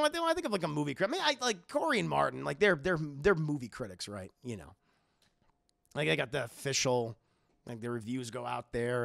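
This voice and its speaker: Young male streamer, high lively voice, gravelly edges, bright and dry, rambling and profane. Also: no room sound. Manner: rambling, profane, excitable, answers chat. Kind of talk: casual live-stream chat.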